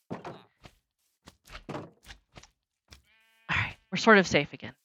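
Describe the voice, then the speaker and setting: A woman's voice: on the low side, fairly bright tone. A woman streaming a game, chatting casually to her viewers, joking about her own mistakes and laughing often. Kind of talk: casual live-stream commentary.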